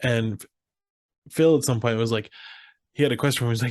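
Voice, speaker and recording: Recorded with dry, studio-quality sound, a young man with a mid-range voice talks quickly while co-hosting a podcast. He retells a comedy movie in a casual, lively way, quoting the characters, cursing and laughing.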